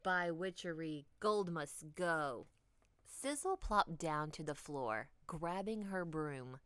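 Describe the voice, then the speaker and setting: Woman reading a kids' storybook, slow and expressive, dry close sound. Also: sits low, smooth, no room sound. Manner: slow, expressive, dips into whispers for drama. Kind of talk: children's storybook read-aloud.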